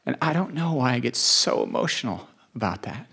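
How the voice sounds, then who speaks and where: A man's voice: mid-range voice, big pitch swings, a little fast, gravelly, pushed and bright, breathy edge. A man preaching a sermon, earnest and emotional, repeating phrases for emphasis.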